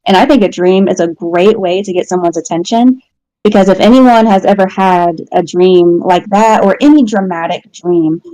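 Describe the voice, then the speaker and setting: Mellow-voiced woman telling a personal story. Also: mid-range voice, moderate pace, no echo, poor audio. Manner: candid, storytelling, laughs at herself. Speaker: guest. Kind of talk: casual personal testimony.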